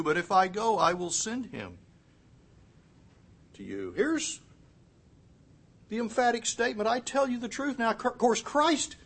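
A high-pitched, middle-aged male pastor preaches a sermon, swinging between loud, emphatic lines and quiet asides. He also acts out quotes as he goes.

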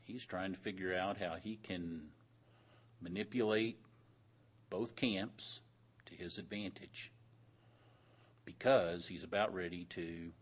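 A man leading an interactive Bible class, asking the group questions and repeating their answers, with some dry humor. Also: low voice. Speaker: Bible study teacher.

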